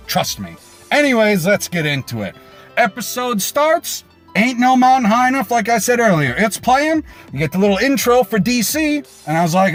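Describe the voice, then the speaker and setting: Guy doing a sweary casual tv recap, high voice jumping all over, faint music behind. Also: moderate pace. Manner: animated, swings pitch for emphasis. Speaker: reaction video host. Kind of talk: casual episode recap with profanity.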